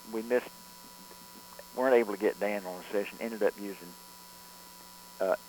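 A man, a record producer, telling studio stories in a relaxed interview, rambling with frequent restarts and fillers. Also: deep voice, a little hiss or hum, rough recording. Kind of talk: conversational storytelling interview.

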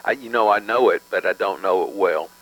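A man's voice: sits low, a little fast, fairly bright tone, low-quality recording. A man interviewing a guest, asking short prompting questions. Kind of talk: interview questions and brief backchannels.

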